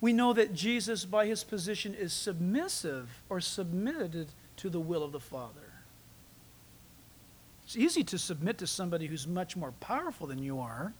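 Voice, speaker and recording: A man with a high voice preaches a sermon as pastor. He builds to loud, emphatic peaks, then drops to quiet, close asides to the congregation. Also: sing-song, moderate pace, breathy edge.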